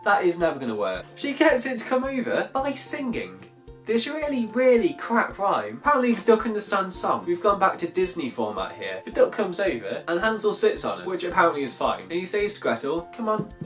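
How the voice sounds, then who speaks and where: A sarcastic storyteller reads a grim old fairy tale aloud and keeps stopping to mock it. The voice swoops between high disbelief and low, dry asides, with swearing thrown in. Faint guitar music plays in the background. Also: big pitch swings, fairly quick, a bit bright. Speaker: video host.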